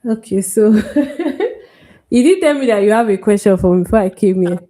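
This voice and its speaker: A woman hosting a live-stream interview, thanking her guest warmly and at length. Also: medium pitch, animated, quick pace. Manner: gushing, thankful. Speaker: host.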